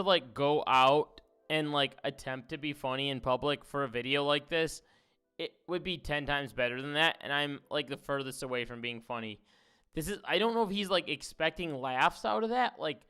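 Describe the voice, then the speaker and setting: Casual male streamer, bright and slightly high voice, blunt and incredulous. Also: clear, resonant tone. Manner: blunt, incredulous, rambling with fillers. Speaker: streamer reacting to videos. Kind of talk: casual live-stream commentary.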